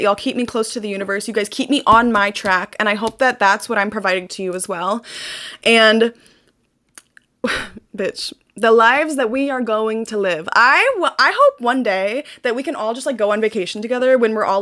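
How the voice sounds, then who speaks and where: A woman's voice: on the high side, fairly bright tone. A young woman hosting her own channel, ranting bluntly and emotionally, swearing often and repeating phrases for emphasis. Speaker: channel host. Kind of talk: emotional personal rant.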